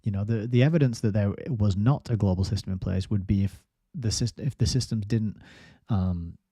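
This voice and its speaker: Low-voiced man reading chat. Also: normal speed, mellow, breathy edge, no echo, studio quality. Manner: rambling, reads viewer comments aloud. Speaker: host of a book review livestream. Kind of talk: casual live-stream chat.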